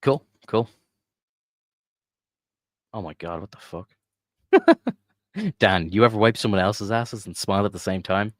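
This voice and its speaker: A man's voice: on the low side, expressive, measured pace, pauses often, dry recording, studio quality. A young man co-hosting a casual podcast chat, swearing freely, rambling with lots of "like" and laughing often. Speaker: podcast co-host.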